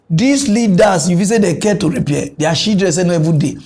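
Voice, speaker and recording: A man with a Nigerian Pidgin English accent hosting a satirical comedy news show, ranting animatedly and switching between loud outbursts and low mutters. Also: expressive, brisk, hardly any pauses.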